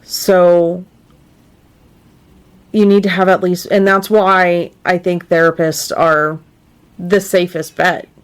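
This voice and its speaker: Young woman on a chill podcast, low-ish voice, slow and earnest, says like a lot. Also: level tone, clean tone. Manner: earnest, lots of "like" fillers. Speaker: podcast co-host. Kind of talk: casual podcast chat.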